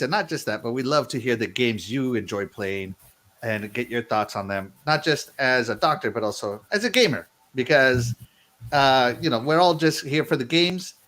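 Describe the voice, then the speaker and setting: A man's voice: mid-range voice, a bit bright. A man hosting a gaming podcast in casual chat, upbeat and rambling with fillers. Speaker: podcast host.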